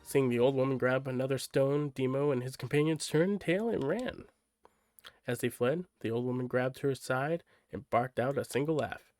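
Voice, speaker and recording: A man's voice: mid-range voice, normal speed, darkish tone, no echo. Man reading a novel aloud on stream. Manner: casual, stops for asides and laughs at slips. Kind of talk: live-stream read-aloud narration.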